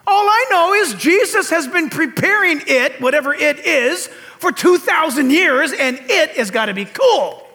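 An older man, a pastor, preaching a sermon with earnest rhetorical questions; his high, reedy voice has been compared to a cartoon frog. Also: sing-song, a little slow, hardly any pauses, pushed and bright.

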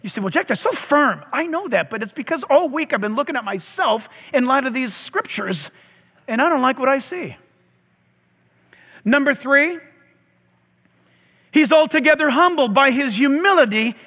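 Fiery, high-voiced male preacher. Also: lively intonation, moderate pace, pauses often, in a large hall. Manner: impassioned, loud preaching with dramatic swings. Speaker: pastor. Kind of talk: sermon.

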